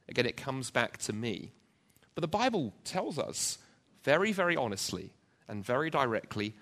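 A man's voice: mid-range voice, big pitch swings, fairly quick, fairly bright tone. A man preaching an emphatic sermon to a church congregation, driving points home with rhetorical repetition. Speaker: pastor. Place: church, also live-streamed.

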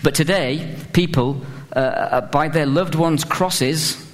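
A man's voice: a little high, unhurried, hardly any pauses, big-room sound. A British man preaching a humorous sermon in a chatty, self-mocking way, full of fillers, building to fervent emphasis. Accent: British English.

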